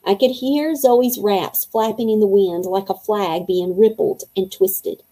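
A woman's voice: mid-range voice, steady tone, measured pace, warm tone, poor audio. A woman narrating a children's storybook aloud and giving each character a voice.

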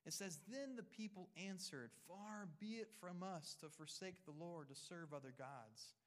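A man's voice: sits high, a little slow. A male pastor preaching a sermon, reading scripture and speaking earnestly to the congregation, often repeating and restarting words.

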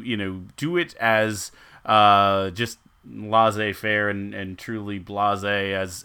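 Bright-voiced, lower-pitched man chatting sports. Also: clean tone. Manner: rambling, joking, laughs often. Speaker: podcast co-host. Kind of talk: casual sports chat.

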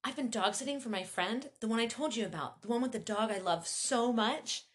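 A woman's voice: on the high side, a little fast, pitched above the performer's own voice, lightly acted. A woman voicing an overeager young man who talks in a friendly, eager way.

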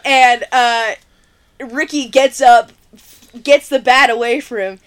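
Speaking slowly and steadily, a woman with a higher voice retells a movie's story while co-hosting a podcast, acting out what the characters say. The sound is clean and a touch bright.

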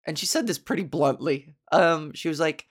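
A woman's voice: sits low, animated, moderate pace. A woman comedian hosting a podcast, telling stories in a casual, chatty way with wry, self-mocking asides. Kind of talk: casual comic storytelling.

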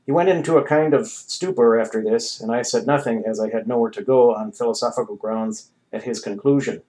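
Male narrator, wry deadpan audiobook read, mid-pitched voice. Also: a little fast, poor audio. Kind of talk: audiobook reading.

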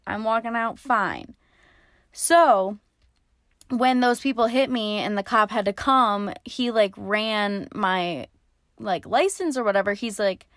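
A woman's voice: mid-range voice, expressive, moderate pace, dry recording, clean studio sound. A young woman casually telling a story in a chatty, sarcastic way, swearing freely. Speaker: vlogger.

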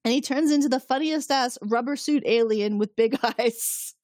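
A woman's voice: a little high, normal speed, dry recording, clean studio sound. A woman co-hosting a podcast who recaps a TV episode in a casual way. She laughs a lot and swears freely. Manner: animated, laughs often, profane. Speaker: podcast co-host.

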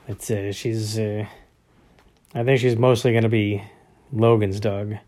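A father in his thirties talks casually about home life, wandering from thought to thought with plenty of fillers. His voice sits low and stays fairly level in pitch. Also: steady tone, a little slow, darkish tone. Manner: rambling, many fillers and restarts. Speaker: father of young boys. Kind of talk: casual family vlog talk.

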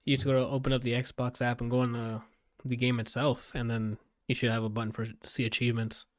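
A man's voice: medium pitch, little pitch movement, fast, dry recording. A man co-hosting a casual podcast chat about video games, chiming in with short agreements and corrections. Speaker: podcast co-host.

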